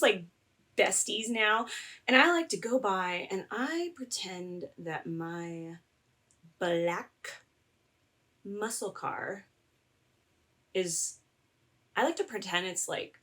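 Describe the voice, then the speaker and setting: Woman, storytime vlog, sarcastic, laughs easily, swooping pitch, slow delivery. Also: slightly rough. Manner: animated and sarcastic, laughing often. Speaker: content creator and musician.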